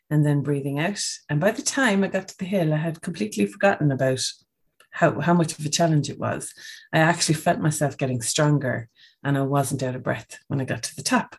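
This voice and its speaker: A woman's voice: low voice, a little mellow, slightly rough. A woman giving a casual, coaching podcast talk on breathing, often checking in with "okay?".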